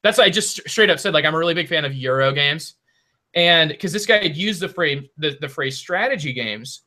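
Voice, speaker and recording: A man's voice: on the high side, lively intonation, fairly quick, bright, forceful tone. A young man telling a long story in a casual board game podcast chat, full of restarts and asides. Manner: rambling storyteller with many restarts. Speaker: podcast co-host.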